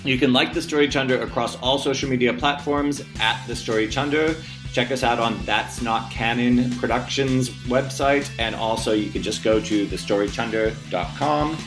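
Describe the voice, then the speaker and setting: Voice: mid-range voice, normal speed. Host signing off over guitar. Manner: casual, with ums and uhs. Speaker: podcast host. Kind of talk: podcast outro. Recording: guitar music behind.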